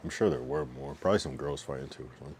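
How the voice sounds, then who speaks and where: Deep-voiced streamer man chatting casually. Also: very animated, quick pace, gravelly, slight background noise. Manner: rambling, swears, talks back to chat. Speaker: livestreamer.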